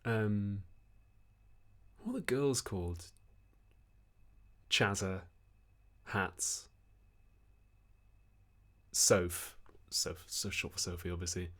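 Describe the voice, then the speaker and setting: A man's voice: low voice, drawn-out words, pauses often, a bit bright. A young man hosting a livestream, reading viewer questions and chatting in a rambling way, laughing often. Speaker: host.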